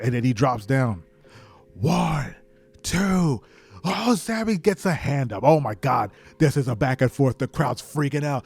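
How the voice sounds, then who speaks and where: A man hosting a podcast, narrating an imagined match in excited play-by-play and shouting sound effects. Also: medium pitch, measured pace, gravelly, slightly rough, faint music behind. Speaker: podcast host.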